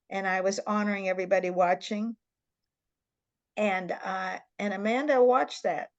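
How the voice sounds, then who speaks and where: An older woman hosts an interview and tells her story with earnest emphasis. Her voice sits at a middling pitch. The sound is close and dry, as on a video call. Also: dry recording. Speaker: interview host.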